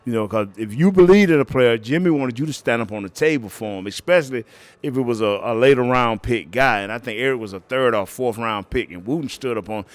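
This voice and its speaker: A middle-aged man, a podcast guest telling lively stories, acting out quotes and laughing often. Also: medium pitch, brisk. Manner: animated storyteller, acts out quotes, laughs often. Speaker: guest, former football player. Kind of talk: storytelling podcast interview.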